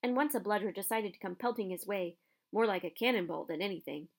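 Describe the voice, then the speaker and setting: A woman narrating a storybook aloud with an expressive reading. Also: medium pitch, fast, gravelly.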